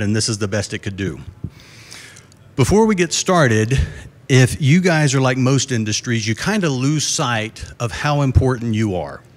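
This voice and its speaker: A middle-aged man giving a live conference keynote, telling folksy jokes and putting questions to the crowd. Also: mid-range voice. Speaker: keynote speaker. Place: conference stage before a live audience.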